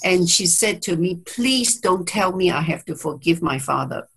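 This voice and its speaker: A woman's voice: fairly low pitch, animated, normal speed, vocal fry, a bit bright, husky, low-quality recording. A woman therapist telling a client story in an interview, speaking reflectively, with hesitant restarts and quoted dialogue, over a video call. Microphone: video call mic.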